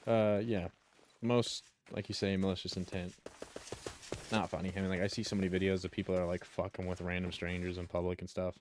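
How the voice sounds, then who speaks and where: Young guy streamer, slightly low voice, loose profane chatter, tells stories while playing. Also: flat delivery, a little fast, a little hiss or hum. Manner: rambling, profane, chuckles while telling stories. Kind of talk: casual chat while gaming.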